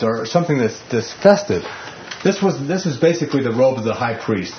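A man's voice: medium pitch, lively intonation, brisk, lo-fi sound, slight background noise. A man teaching through a Bible passage verse by verse, in a conversational way that keeps checking in with his listeners. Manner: conversational, checks in with frequent "okay?".

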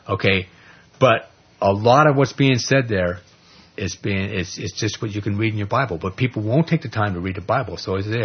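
A husky-voiced man gives a loose, chatty sermon, leaning on "you know" and "okay?" as he walks listeners through scripture. His voice comes through a dull, muffled lo-fi recording, and he keeps the delivery lively and animated. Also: mid-range voice, a little fast. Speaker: lay Bible teacher. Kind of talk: informal Bible study sermon.

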